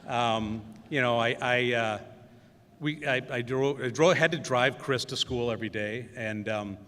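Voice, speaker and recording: A man's voice: medium pitch, measured pace, fairly bright tone. Man rambling through stories in a hall. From Wisconsin. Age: middle-aged. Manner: storytelling with many fillers and acted quotes. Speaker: commencement speaker. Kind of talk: anecdotal speech. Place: large hall. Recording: reverberant hall.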